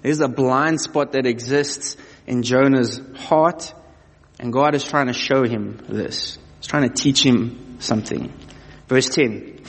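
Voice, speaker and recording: A man's voice: medium pitch, slow, creaky. A man preaching a sermon, reading scripture and then talking to the listeners in a conversational way, asking them direct questions. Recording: long hall reverb.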